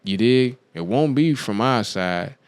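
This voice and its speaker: A man's voice: mid-range voice, animated, unhurried, smooth, dry recording. A man hosting a show, talking through his views in a loose, casual monologue, often checking in with "you dig what I'm saying?". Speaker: podcast host.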